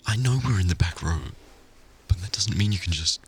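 A man in a whispered role-play, talking in a hushed, flustered, pleading way. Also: low voice, a little fast, slightly rough.

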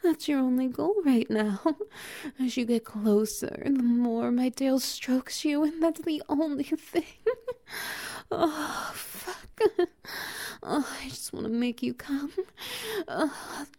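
Woman doing a teasing tailed cat creature, whispered role-play, real slow and breathy, gravelly. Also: high-pitched, dark tone, full character voice.

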